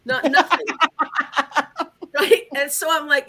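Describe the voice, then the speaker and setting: A woman dog trainer chats with guests, her voice bright and a little high. She tells stories animatedly, slipping into playful voices for her dog. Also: slow. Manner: animated storyteller, acts out her dog's voice with giggles. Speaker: dog trainer and podcast host. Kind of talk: casual chat.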